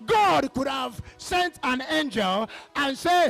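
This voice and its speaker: A man with a Nigerian accent preaching a sermon as pastor, calling out to the congregation and breaking into sudden shouts. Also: extremely high pitch, very animated, slow pace, creaky.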